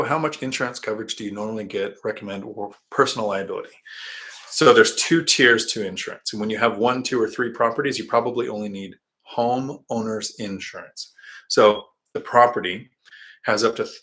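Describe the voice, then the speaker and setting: Low-voiced man hosting a live stream. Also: bright, forceful tone. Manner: rambling, anecdotal, reads out viewer comments. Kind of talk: casual live stream chat answering viewer comments. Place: quiet indoor spot.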